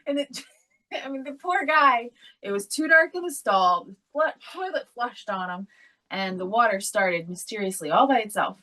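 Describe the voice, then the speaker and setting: A woman's voice: a little high, animated, moderate pace, bright, forceful tone, recorded from a distance, poor audio. A woman co-hosting a podcast, telling a family story in a casual, chatty way and often laughing as she talks. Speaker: podcast co-host. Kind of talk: casual chat.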